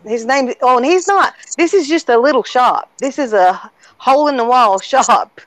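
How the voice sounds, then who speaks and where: A woman's voice: sits high, expressive, moderate pace, rough recording. A woman in casual late-night chat on a remote call, chatty and easygoing.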